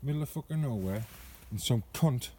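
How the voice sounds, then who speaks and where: A man's voice: medium pitch, animated, normal speed, dark tone. A man chatting bluntly while walking through woodland outdoors, swearing heavily as he tells stories. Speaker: outdoor vlogger. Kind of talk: casual chat walking in woods. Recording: faint background noise outdoors.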